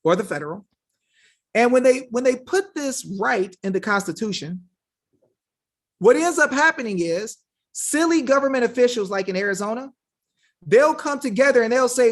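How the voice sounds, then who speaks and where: A woman with a high-pitched voice delivers a fiery, preachy monologue straight to her viewers. She piles up rhetorical questions and keeps calling them y'all. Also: lively intonation, moderate pace. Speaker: online legal rights commentator.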